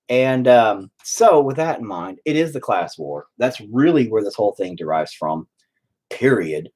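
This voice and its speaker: A man's voice: lowish voice, lively intonation, unhurried, a little mellow. A man chatting at home while painting, rambling through a profane, opinionated rant.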